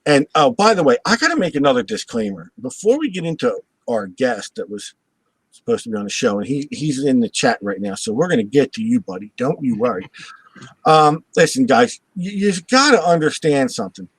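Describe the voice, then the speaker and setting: A man's voice: mid-range voice, a little fast, slightly rough, no room sound, rough recording. Guy hosting a live show, cracking up at his own story, doing everyone's voices, bouncy voice, dry sound. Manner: animated storyteller who acts out voices and laughs at his own jokes. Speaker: host. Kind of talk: live show chat, telling a funny story.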